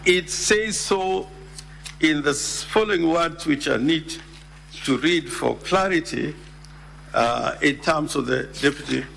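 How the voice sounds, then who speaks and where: A man, a lawyer, making a deliberate, emphatic formal legal argument in a senate chamber and repeating key words. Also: on the high side, vocal fry, a bit bright, long reverb tail, a little hiss or hum.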